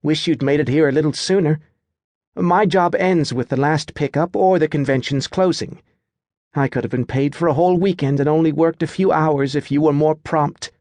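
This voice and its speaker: A man voicing a bored, blunt young woman working a booth, flat and unimpressed. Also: fairly high pitch, moderate pace, dry recording, pitched above the performer's own voice, lightly acted. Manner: flat, unimpressed, matter-of-fact.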